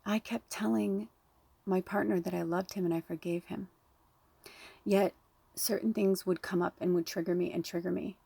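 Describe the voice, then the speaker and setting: Woman medium, 30s, earnest and blunt, gravelly husky voice, dry close sound. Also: fairly low pitch, steady tone, normal speed, mellow, dry recording. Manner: earnest, heartfelt, blunt with swearing. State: close to tears. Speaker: spiritual medium. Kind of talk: emotional direct-to-camera talk.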